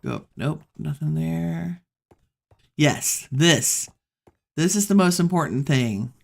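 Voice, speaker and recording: A woman giving relaxed gameplay commentary, musing to herself as she plays. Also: a bass voice. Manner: musing, talks to herself while playing. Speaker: gameplay streamer.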